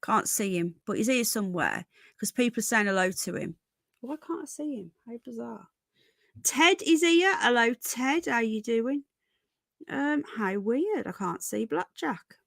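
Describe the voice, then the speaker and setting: A woman's voice: on the high side, animated, a little slow, vocal fry, a bit bright, dry recording. A woman hosting a casual livestream from home, chatting and greeting viewers with endearments like darling and sweetheart. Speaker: livestream host.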